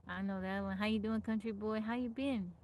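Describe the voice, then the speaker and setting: A woman hosts a relaxed livestream, mulling over old country sayings and welcoming viewers one by one. Her voice sits at an ordinary middle pitch, with a faint hiss of noise behind it. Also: a little fast. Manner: reads out folksy sayings and greets viewers by name. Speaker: livestream host. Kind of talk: casual livestream chat.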